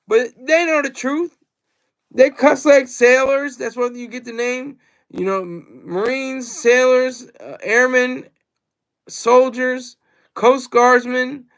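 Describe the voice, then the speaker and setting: A man with a strikingly high, gravelly voice talks loosely through a livestream. He rambles, circles back to the same points and reads comments from the chat aloud. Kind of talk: casual livestream monologue.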